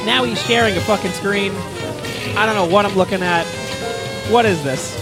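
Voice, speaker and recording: Over loud free jazz music, a man co-hosting a comedy podcast rambles through a crude story full of swearing and exasperation. His voice is high and he speaks at normal speed.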